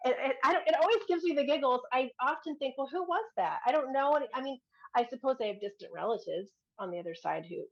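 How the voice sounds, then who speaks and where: A woman's voice: high-pitched, fast talker, dull audio. A woman guest telling a personal story in a casual chat, earnest and rambling. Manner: earnest, rambling, with frequent restarts and giggles. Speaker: guest, client.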